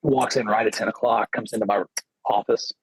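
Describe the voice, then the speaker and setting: A man, a guitarist guest on a podcast, telling a casual anecdote in an animated way, acting out what other people said with lots of "he goes.". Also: lowish voice, fairly quick, breathy edge, no room sound, rough recording. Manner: animated, quotes others with "he goes" and acts their lines; loose filler-heavy phrasing.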